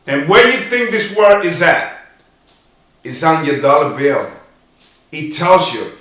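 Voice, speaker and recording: A man delivers an impassioned monologue in a high, bright voice, lingering on each phrase. His delivery is preachy and emphatic, full of repetition. The sound bounces around a very echoey room. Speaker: video commentator.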